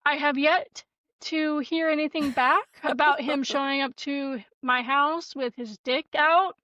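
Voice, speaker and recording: High bright-voiced foul-mouthed woman. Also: a little slow, dry recording, highs cut off. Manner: profane, animated storytelling. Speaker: podcast co-host. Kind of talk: casual storytelling chat.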